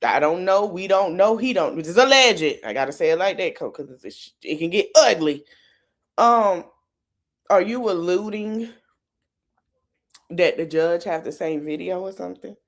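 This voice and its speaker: A woman hosting a podcast, talking in animated, casual gossip and hedging her claims. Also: lowish voice, moderate pace. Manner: animated, repeatedly hedging with "allegedly". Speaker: podcast host.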